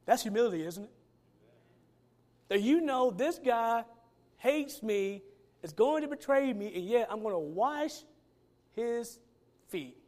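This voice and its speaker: High-voiced man preaching with emphasis. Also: expressive, a little mellow. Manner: preaching with rising and falling emphasis, drawn-out words; colloquial phrasing. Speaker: pastor. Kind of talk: sermon.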